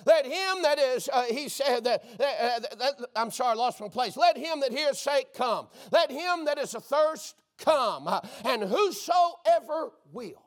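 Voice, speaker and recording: A man preaching a fervent sermon, breaking into shouts and calling out to his listeners as dear friend. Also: extremely high pitch, animated, a little slow, hardly any pauses.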